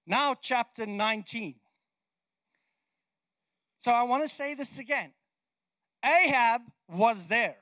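Male pastor, very high voice, chatty and animated sermon delivery, dry close sound. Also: dry recording. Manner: conversational, animated, frequent restarts.

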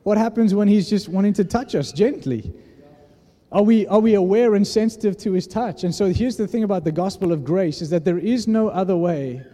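A man with a high, warm voice preaches a sermon at a fairly quick pace, earnest and conversational, often restarting his sentences. The recording has a long hall reverb.

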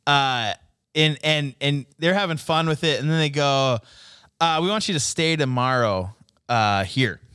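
A young man telling a story in casual chat, animated and profane, laughing a lot and acting out what people said. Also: on the high side, measured pace, smooth, no echo, clean studio sound. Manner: animated, swearing, laughing often, acting out quotes.

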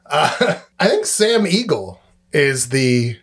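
Male podcast co-host, lively pitch, casual, laughs a lot, acts out voices. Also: slow pace, vocal fry, slightly rough. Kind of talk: casual chat.

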